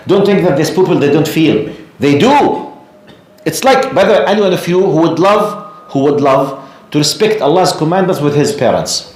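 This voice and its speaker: Lively male lecturer in an echoey room. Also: on the high side. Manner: animated storyteller, asks the audience questions. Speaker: Islamic lecturer. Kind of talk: storytelling lecture to a live class.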